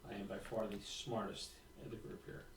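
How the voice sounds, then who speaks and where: A man's voice: lowish voice, little pitch movement, moderate pace, recorded from a distance. A man playing a tabletop game, brash and wisecracking, speaking in character. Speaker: player. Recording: roomy, from off-mic.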